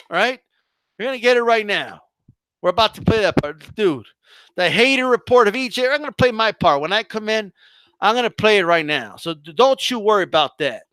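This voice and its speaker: A man hosting a boxing livestream, talking in a loud, mocking, hyped way and swearing freely. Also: high voice, expressive, brisk, smooth, no room sound, clean studio sound. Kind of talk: casual livestream rant.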